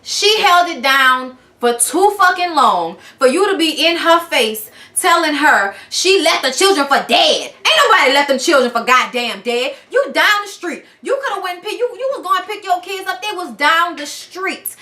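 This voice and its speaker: A woman reviewing a reality TV episode in a blunt, animated and profane casual rant. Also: extremely high pitch, moderate pace, hardly any pauses. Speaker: TV show reviewer. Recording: echoey room.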